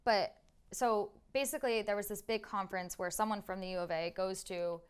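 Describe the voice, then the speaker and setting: As a guest on a podcast, a twenty-something woman talks in a chatty, casual interview style, peppering her speech with "like" and "um." She speaks a little fast, in a smooth, medium-pitched voice with a steady tone.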